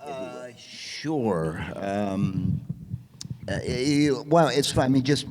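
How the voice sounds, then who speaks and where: A man's voice: medium pitch, expressive, slow, a crowd in the background. A man answering as a panel guest in an easygoing way, with hesitant starts. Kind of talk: casual panel chat. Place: expo stage panel.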